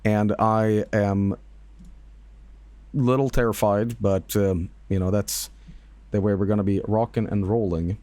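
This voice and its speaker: A man's voice: on the low side, fairly even intonation, measured pace, long pauses, dark tone, no echo. Dry-sounding man chatting on stream. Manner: laughing, swearing, rambling with fillers. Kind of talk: casual live-stream commentary.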